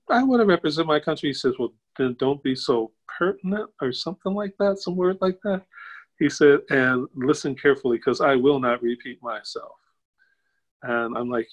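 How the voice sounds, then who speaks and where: An older man appearing as a guest on a video call casually tells a personal story, chuckling as he goes. He acts out quoted voices with sudden leaps up in pitch. The audio quality is poor.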